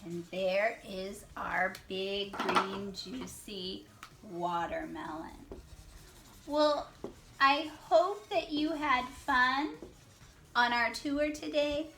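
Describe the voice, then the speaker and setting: A female classroom teacher leads young children through a reading lesson, speaking slowly and stretching out words so they can count syllables. She praises their answers and now and then drops to a whisper. Her voice is a little high and a bit bright, with slight background noise.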